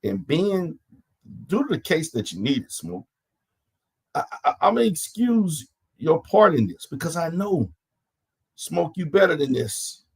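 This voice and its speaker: Stream host, male, slightly high husky voice, animated, mocking and profane, repetitive restarts. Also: measured pace, no echo. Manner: mocking, profane, repeats phrases with stammered restarts. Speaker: online panel host. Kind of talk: heated live-stream rant.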